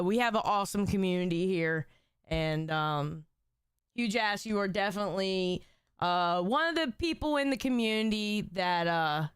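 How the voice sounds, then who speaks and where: A woman's voice: fairly low pitch, a bit bright, clean tone, dry recording, studio quality. A woman hosting a casual livestream, emotional and teary, joking and swearing as she chats with viewers. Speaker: livestream host.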